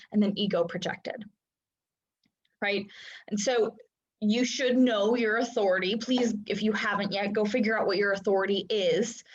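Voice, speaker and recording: A young adult woman coaching in casual talk, full of "like" and "right?", acting out inner voices with whispers and gasps. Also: mid-range voice. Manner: chatty, lots of "like" and "right?" fillers. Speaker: human design coach. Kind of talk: casual teaching monologue. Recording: dull lo-fi sound.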